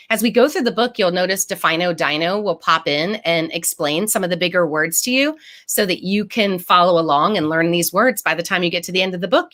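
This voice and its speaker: A woman with a lowish voice hosts a live storytime by video call, reading from her own picture book. Her delivery is lively, and she stops now and then to explain words plainly for the kids.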